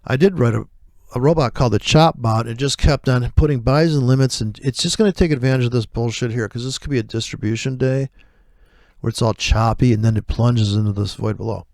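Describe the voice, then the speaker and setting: A man's voice: medium pitch, fairly quick, a little mellow, no echo, clean studio sound. A man giving blunt, profane commentary on his live trades, rambling through asides.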